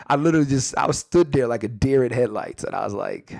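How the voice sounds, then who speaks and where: Recorded dry in his home's second bedroom, a male podcast host delivers a comedic storytelling monologue with no echo. His mid-range voice is quick with vocal fry and barely pauses, and he's profane, animated and repeats himself for emphasis.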